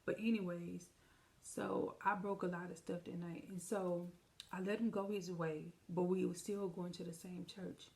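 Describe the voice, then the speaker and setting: This storytime vlogger speaks in a lowish, slightly mellow voice with some creak, keeping her tone level and her speed normal. Chatty and talking right to her audience, she brings a personal story to life by quoting and performing the dialogue of everyone involved.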